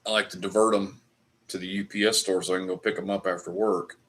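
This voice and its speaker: Deep-voiced man ranting with profanity. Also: flat delivery, quick pace, fairly bright tone. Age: middle-aged. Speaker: livestream host. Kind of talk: casual chat while drinking whiskey.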